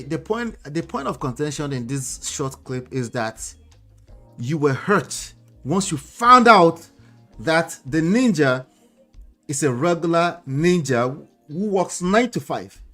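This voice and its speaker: A fairly high-voiced man comments on clips, firing off disbelieving questions and chuckling between points. Faint music plays behind him. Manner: animated, incredulous questioning with laughs. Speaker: host reacting to clips. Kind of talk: commentary on celebrity clips, reading chat.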